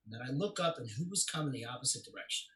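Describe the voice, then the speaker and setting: A man's voice: mid-range voice, lively intonation, rapid-fire, poor audio. An actor playing a young man who recounts his father's death in a confessional, storytelling way during a stage play reading. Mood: rueful. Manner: confessional storytelling, swings to loud anguish.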